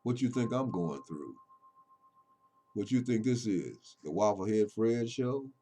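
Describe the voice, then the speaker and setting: This is an expressive, slightly slow monologue from a man who is a poet, talking passionately about his work. He preaches with emphasis, shifting between loud statements and hushed, close murmurs.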